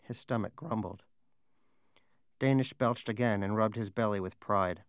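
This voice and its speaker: A man's voice: fairly low pitch, unhurried, pauses often, clean tone, no room sound. A man narrating a storybook aloud with a dry, wry delivery. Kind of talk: storybook reading.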